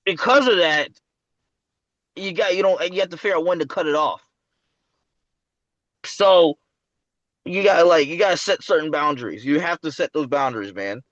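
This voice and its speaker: A man's voice: on the high side, expressive, moderate pace, long pauses, a bit bright, dry recording. Emphatic male coach, dull dry sound. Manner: emphatic, stumbling, addresses guest directly. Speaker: dating coach. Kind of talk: casual coaching chat.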